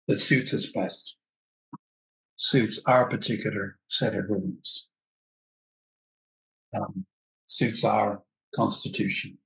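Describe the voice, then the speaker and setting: A man teaching a breathwork class, calmly guiding the breath and repeating key phrases. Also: fairly low pitch, vocal fry, dull audio.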